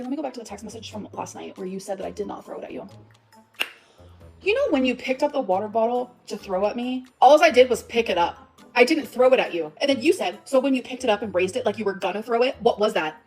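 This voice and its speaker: A woman's voice: on the high side, lively intonation, fast, darkish tone, faint music behind. A woman vlogger ranting emotionally in a rambling, profane way. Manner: rambling, profane, shifts between laughing and upset. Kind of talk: emotional vlog rant.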